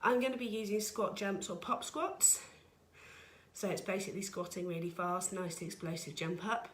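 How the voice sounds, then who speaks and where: A woman's voice: mid-range voice, moderate pace, reverberant, slight background noise. A woman leading a home workout as a fitness instructor, counting reps aloud and getting out of breath as she exercises along. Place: home room.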